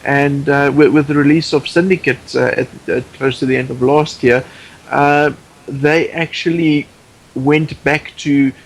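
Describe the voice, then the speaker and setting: A man's voice: a little high, steady tone, a little slow, poor audio. A man guest on a podcast in casual chat, opinionated and rambling, with many restarts.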